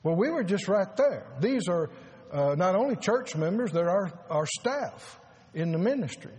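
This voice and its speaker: Pastor guy, pretty high voice, earnest sermon, halting and repeats words then pushes hard. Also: sing-song, darkish tone.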